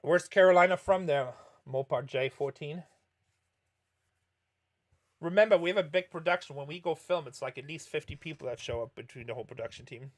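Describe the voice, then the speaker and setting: A middle-aged man streams poker and answers viewers in a casual, rambling way, frequently correcting himself mid-story. His voice sits on the high side, and he talks a little fast but pauses often.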